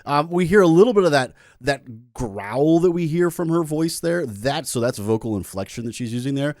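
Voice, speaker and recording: A man's voice: a little high, lively intonation, moderate pace, a little mellow, no echo, clean studio sound. A man who is a music teacher, casually reacting to a song and enthusiastically explaining vocal technique, with apologetic asides to his viewers.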